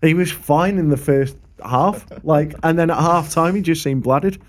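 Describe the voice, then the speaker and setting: A young man, co-hosting a podcast and telling sweary, animated stories from his gigs as a musician, acting out the people he quotes. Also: on the high side, normal speed. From England. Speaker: podcast co-host and gigging musician. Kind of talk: casual chat, telling gig stories.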